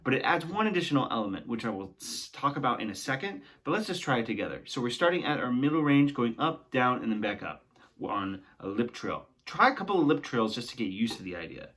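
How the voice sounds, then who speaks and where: A man's voice: medium pitch, very animated, fast talker, fairly bright tone. Young male voice teacher, encouraging, talks students through exercises. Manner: encouraging, talks along with exercises, often ends with "right?". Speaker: singing teacher. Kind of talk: guided vocal warm-up lesson.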